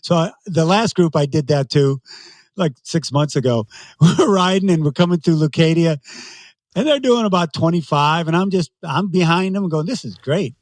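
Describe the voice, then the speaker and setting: An animated storyteller in his sixties chats as an interview guest, and he laughs often between stories. His voice sits a little higher than most men's. It is recorded close and dry, with no room sound. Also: moderate pace, no echo. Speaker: guest, race announcer.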